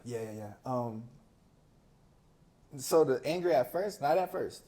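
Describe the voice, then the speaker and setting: A man's voice: medium pitch, measured pace. Man telling a story casually. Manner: animated, slangy, acts out quoted voices. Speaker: podcast guest.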